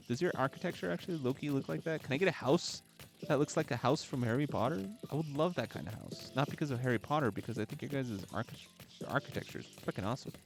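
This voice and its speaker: A man from the United States chatting casually while streaming a game, joking around and fumbling as he reads aloud. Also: medium pitch. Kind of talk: casual chat while gaming. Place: at home, gaming live. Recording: music playing faintly behind.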